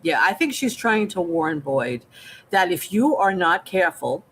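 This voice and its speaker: A co-host in a casual recap chat, chiming in with theories and quick to laugh. The pitch moves a lot. A faint hiss sits under the recording. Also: sing-song, fairly bright tone, rough recording. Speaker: podcast co-host.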